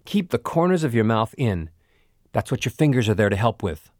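A man coaching voice technique with a lively, rising-and-falling delivery. He talks the listener through exercises and demonstrates the sounds himself. The recording is close and dry, with no room sound. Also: mid-range voice, normal speed, dry recording. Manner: animated, demonstrates sounds aloud. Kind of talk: instructional voice lesson.

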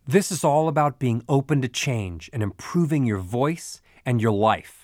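A man's voice: mid-range voice, dry recording, clean studio sound. A man teaching voice technique in an audio lesson, telling a story in an earnest, motivational way. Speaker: voice coach.

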